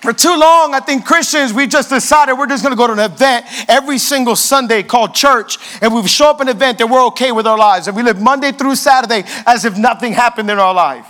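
A young man in his twenties preaching a sermon, telling a lively story and firing rhetorical questions at his congregation. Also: extremely high pitch, fast, few pauses, a faint crowd. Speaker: pastor.

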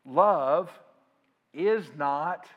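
A male pastor preaching a sermon to his congregation, calling on them to answer aloud and swinging from loud emphasis to quiet asides. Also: fairly high pitch, very slow, muffled recording.

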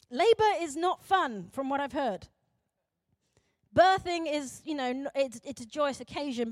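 High-voiced woman preaching a fiery sermon. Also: dry recording, clean studio sound. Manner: emphatic, swings between loud urgent preaching and quiet intensity. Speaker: pastor.

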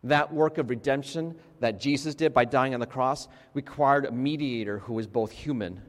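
A man's voice: medium pitch, normal speed. A man preaching a sermon in a conversational way, checking in with his congregation and restarting his sentences as he goes. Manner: conversational, frequent restarts and "right?" asides to the congregation. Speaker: pastor. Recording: long reverb of a large hall.

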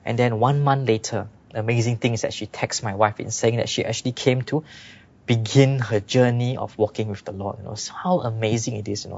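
A man's voice: medium pitch, creaky, a little mellow, breathy edge, dull audio. A man preaching a sermon in a chatty, conversational way, often dropping "you know".

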